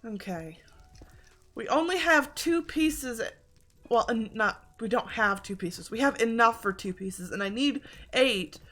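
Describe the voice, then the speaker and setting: A woman's voice: a little high, measured pace, fairly bright tone, faint music behind. A woman streaming a video game, chatting casually and joking at her own expense, with a slightly congested throat. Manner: chatty, self-deprecating, swearing. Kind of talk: casual gaming commentary.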